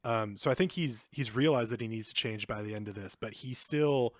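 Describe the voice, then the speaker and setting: A man's voice: mid-range voice, a little fast, dry recording. A man co-hosting a podcast, talking loosely and at length about a film, with lots of swearing and filler words. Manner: loose and rambling, heavy swearing, many fillers. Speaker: podcast co-host. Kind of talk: casual film discussion.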